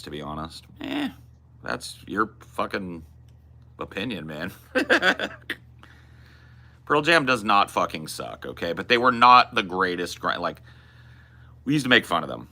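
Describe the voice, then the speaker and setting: Slow-talking laid-back man in his forties. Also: rumbling low, animated, bright, forceful tone. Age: 40s. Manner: laid-back, rambling, swears casually. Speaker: podcast host. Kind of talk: casual chat.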